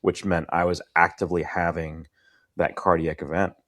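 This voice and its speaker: A middle-aged man co-hosting a podcast, a first responder explaining his heart attack in a measured, clinical way. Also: low-pitched, little pitch movement. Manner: measured, clinical, trails off softly. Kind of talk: conversational storytelling.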